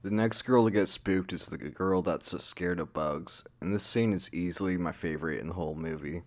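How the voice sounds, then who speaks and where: Deep-voiced man ranting casually. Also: a little mellow. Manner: rambling, crude, heavy swearing and filler words. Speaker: movie reviewer. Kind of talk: casual spoken movie review.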